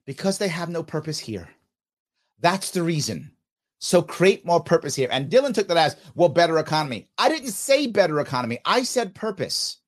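A man hosting a podcast, talking through listener comments in an emphatic way and repeating his points for emphasis. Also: sits high. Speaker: podcast host.

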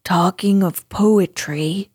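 A woman voicing a gentle, simple-minded male teddy bear who talks hesitantly, in a storybook reading. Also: medium pitch, steady tone, takes it slowly, breathy edge, no room sound, clean studio sound, voice pushed down. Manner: hesitant, musing.

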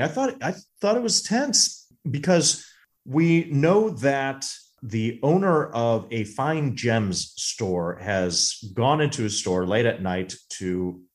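A man co-hosting a movie podcast, casually recapping a film's plot at length. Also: medium pitch. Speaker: podcast co-host.

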